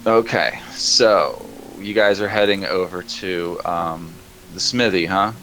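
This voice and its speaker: A man's voice: low voice, takes it slowly, sharp tone. A man running a tabletop game as game master, narrating loosely with many fillers. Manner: loose, rambling, lots of fillers.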